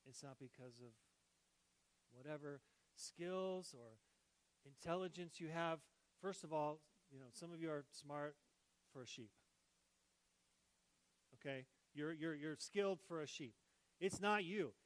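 Animated man preaching a sermon. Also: fairly high pitch, unhurried, pauses often, no room sound, poor audio. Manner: animated, shifts between hushed and loud, jokes. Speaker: pastor.

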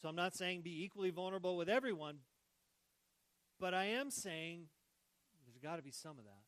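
A man preaching a sermon as pastor, swinging between hushed tender lines and loud, joking bursts. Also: high voice, normal speed, dry recording, rough recording. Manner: animated, shifts between hushed and loud, jokes.

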